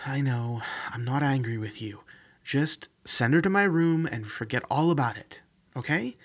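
A man's voice: mid-range voice, moderate pace, natural voice. A man voicing a stern woman doctor under pressure, speaking urgently and curtly. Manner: urgent and curt.

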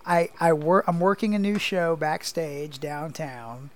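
A man's voice: a little high, unhurried. A man hosting a casual podcast, joking around and laughing often. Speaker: podcast host.

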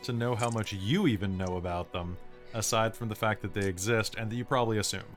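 A low-voiced man runs a tabletop game as game master. He describes the scene with hesitant fillers and restarts. Faint music plays underneath. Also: quick pace.

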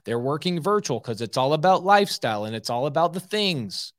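A man's voice: fairly high pitch, big pitch swings, fairly quick. A man hosting a live podcast as a real estate coach, speaking bluntly and repeating his points for emphasis. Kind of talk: casual live podcast talk.

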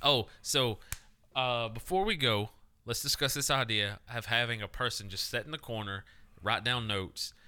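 A man's voice: medium pitch, normal speed, clean tone. A young man co-hosting a podcast, telling crude stories with lots of swearing and laughter. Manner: profane, laughing, excitable storyteller. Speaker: podcast co-host. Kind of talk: crude casual banter.

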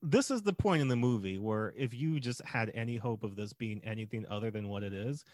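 A man co-hosting a comedic film podcast, talking in a lively, mocking way and laughing often. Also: on the low side, brisk. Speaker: podcast co-host. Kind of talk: casual comedic film discussion.

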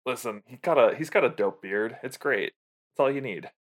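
A man co-hosting a casual show recap, upbeat and quick to ask the others questions. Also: mid-range voice, animated. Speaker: podcast co-host.

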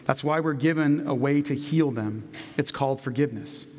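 A man voicing a kind, gentle old priest in a story told during a sermon. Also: mid-range voice, moderate pace, in a large hall, slight background noise, natural voice. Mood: gentle, consoling.

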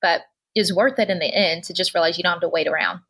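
A woman's voice: on the low side, steady tone, quick pace, creaky, a bit bright, slightly rough. A woman hosting a casual talk, speaking earnestly and encouragingly with lots of filler words. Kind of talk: casual chat.

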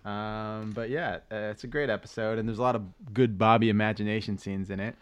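A man's voice: lowish voice, steady tone, a little fast, clean tone. A man co-hosting a podcast, rambling casually through a recap with loose swearing. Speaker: podcast co-host. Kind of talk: casual chat.

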